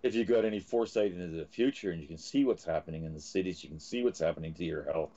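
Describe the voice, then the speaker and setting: Man, low voice, angry swearing rant, live talk host, muffled lo-fi audio. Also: racing, mellow. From Canada. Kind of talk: heated live web talk show.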